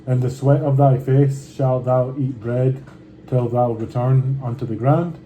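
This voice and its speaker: A man reading scripture aloud slowly and deliberately, breaking off now and then for slangy, offhand comments. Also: medium pitch, fairly even intonation, warm tone, slight background noise, rough recording. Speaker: scripture reader.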